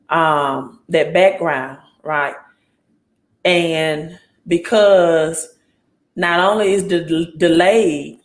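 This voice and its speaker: Southern woman, low-pitched, casual phone live stream host, conversational and comment-driven. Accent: Mississippi Southern US. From Mississippi. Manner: chatty, reads viewer comments aloud, keeps asking "right?". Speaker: credit educator hosting a live stream.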